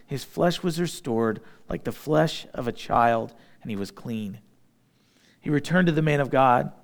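A pastor preaching a sermon, reading scripture verses and explaining them in plain, folksy asides with light humor. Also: male voice, medium pitch.

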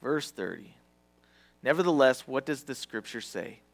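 A man preaching a sermon with passion, swinging from loud to hushed and sometimes stumbling over his words. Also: medium pitch, expressive, moderate pace, gravelly.

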